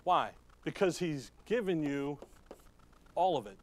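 Speaking to his congregation as their pastor, a man delivers his sermon conversationally, breaking into sudden loud emphasis and tossing off quick asides. He sounds animated, with a voice on the high side.

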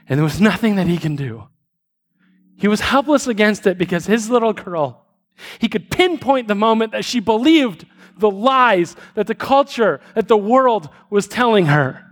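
A man preaching a sermon, telling a story with many restarts and slowing down for emphasis. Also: high voice, expressive. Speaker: pastor.

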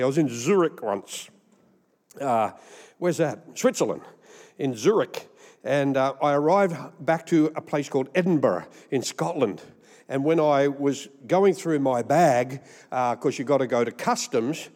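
A man's voice: mid-range voice, a little mellow. A male pastor with an Australian accent, preaching a humorous storytelling sermon. He rambles through jokey stories and laughs at his own punchlines. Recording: long hall reverb.

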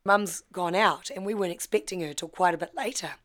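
Give me a woman recounting her life, candid and heartfelt, with a lowish voice. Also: fairly quick, a bit bright. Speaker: guest telling her life story. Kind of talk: personal storytelling.

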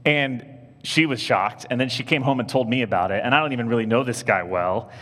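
A man, a priest, preaching a sermon in a casual, animated storytelling way, with his voice jumping up when he acts out other people. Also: medium pitch, brisk, long reverb tail. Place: church.

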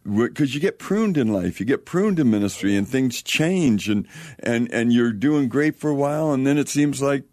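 A man hosting an interview, affirming his guest often and telling animated stories of his own. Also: medium pitch, normal speed, no echo. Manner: frequent affirmations, animated storytelling. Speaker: host interviewer. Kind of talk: casual interview conversation.

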